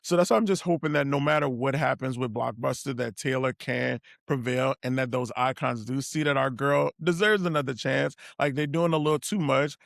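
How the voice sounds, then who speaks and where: A man's voice: mid-range voice, a little fast, vocal fry, few pauses, no room sound, clean studio sound. A man co-hosting a casual podcast recap, talking animatedly and acting out quotes in a raised voice. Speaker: podcast co-host.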